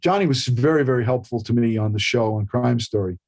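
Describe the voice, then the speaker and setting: Gravelly older New York man telling stories. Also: mid-range voice, fairly quick, darkish tone. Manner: rambling anecdotes full of restarts. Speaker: guest actor. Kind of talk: casual storytelling chat.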